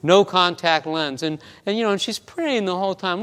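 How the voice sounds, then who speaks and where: A man's voice: sits high, normal speed, few pauses, fairly bright tone, clean tone, in a large hall. A man pastor preaching a sermon, telling a story with many stammers and restarts, in a church.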